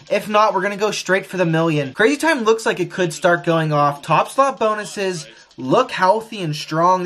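A man streaming a casino session, frustrated, talking excitedly and repeating his pleas to the wheel. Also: high-pitched. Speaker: gambling streamer. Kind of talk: live casino session commentary.

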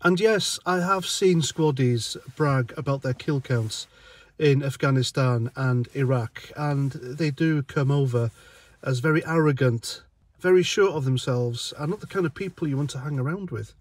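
A man's voice: medium pitch, normal speed, dry recording. A British man and army veteran giving a blunt, sarcastic opinion monologue and laughing often. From United Kingdom.

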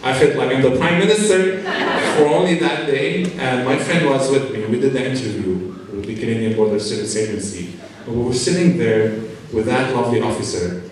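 Keynote speaker: Syrian-accented man, native Arabic, lively comic storyteller who acts out dialogue, mid pitch, mic far off in a booming school hall. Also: a little fast, a little hiss or hum. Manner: animated, acts out dialogue with playful humor. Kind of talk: humorous storytelling speech. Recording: very echoey hall from a distance.

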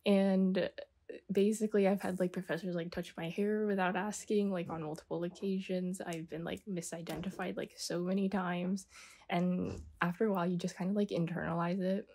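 Woman, documentary interview, soft-spoken, warm mellow tone. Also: lowish voice, steady tone, normal speed. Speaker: student interviewee.

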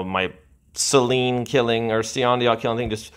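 A man giving frustrated gameplay commentary as a channel host, sighing and ranting with drawn-out insults at the game. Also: medium pitch, steady tone, fairly bright tone, clear, resonant tone.

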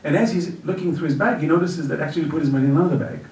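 A man's voice: very fast, slight background noise. Man preaching in an echoey hall. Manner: earnest storyteller who drops low and soft for quoted speech. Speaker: guest speaker at a religious celebration. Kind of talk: storytelling religious lecture. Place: community center hall at an event. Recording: echoey hall picked up from far off.

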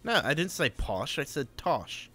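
Man gamer, bright voice, crude joking banter with friends. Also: fairly high pitch, big pitch swings, a little slow. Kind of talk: casual chat while gaming.

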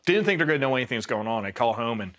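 Laid-back deadpan male war storyteller. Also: mid-range voice, racing. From Pennsylvania, USA. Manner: laid-back, deadpan, quotes himself flatly. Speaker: Marine veteran. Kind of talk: casual storytelling interview.

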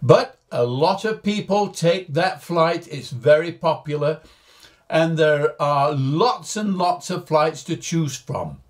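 An older man hosting his flight simulator videos, chatting in a cheerful, jokey way straight to his viewers. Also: on the high side. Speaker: flight sim video host. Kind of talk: casual chat to camera.

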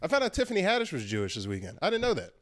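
A man hosting a podcast, teasing his guest with quick questions in casual banter. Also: a little high, wildly swooping pitch, fairly bright tone. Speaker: podcast host.

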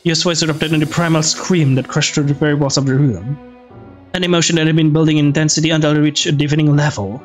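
A man reads a story game aloud, stumbling and restarting words as he goes, with casual remarks between lines. His voice sits a little high for a man, and soft music plays faintly under him. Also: flat delivery. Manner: halting, restarts words, reads with some feeling. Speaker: gamer reading a visual novel aloud. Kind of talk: reading game text aloud with casual asides.

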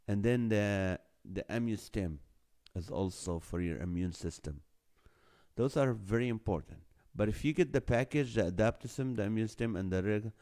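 Chatty and jokey, this Middle Eastern-accented man from the Holy Land runs a casual live stream, reading out viewer comments and laughing a lot. His voice is lowish and slightly mellow.

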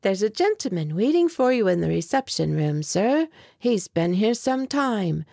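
A woman voicing a young male hotel hall boy with quick, deferential speech. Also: mid-range voice, big pitch swings, vocal fry, warm tone, studio quality, voice pushed up. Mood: eager.

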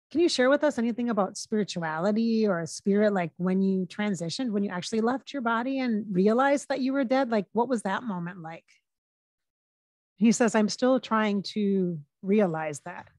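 A woman working as a psychic medium, talking casually and relaying quotes in her own plain voice with frequent pauses and restarts. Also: mid-range voice, dry recording. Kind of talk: casual channeling session monologue.

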